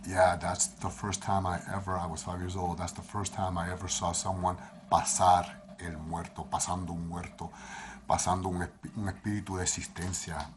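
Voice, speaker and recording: A man's voice: deep voice, little pitch movement, normal speed, a little hiss or hum. A middle-aged man with a Puerto Rican accent telling personal stories in a rambling, casual way, slipping Spanish phrases in. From Puerto Rico. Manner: rambling, repeats himself, mixes in Spanish phrases. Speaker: storyteller.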